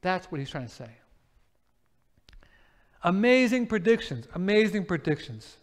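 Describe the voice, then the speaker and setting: A man preaching a sermon and presenting a Bible series, telling lively everyday stories, acting out the people in them and putting questions to his listeners. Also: sits high, unhurried. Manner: animated storytelling, acts out everyday scenes and voices, asks the listeners questions. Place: church sanctuary. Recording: long reverb of a church hall.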